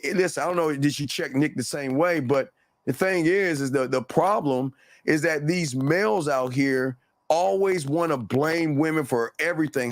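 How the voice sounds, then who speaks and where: A man's voice: a little high, no echo, studio quality. A man hosting a show, giving heated, blunt and profane commentary in a ranting, repetitive way. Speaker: host.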